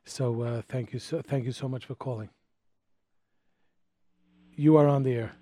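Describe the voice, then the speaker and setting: A man hosting a call-in radio show, talking in a halting way with frequent restarts. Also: medium pitch, steady tone, dark tone, no echo.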